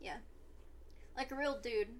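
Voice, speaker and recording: A woman's voice: on the high side, unhurried. A woman co-hosting a casual podcast chat, goofy and teasing. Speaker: podcast co-host.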